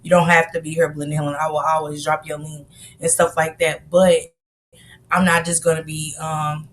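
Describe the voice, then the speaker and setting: Sick with a cold, a woman coughs and sneezes while hosting a casual livestream, greeting her viewers by name in sisterly chatter. Her voice is deep and her delivery flat, at a normal speed.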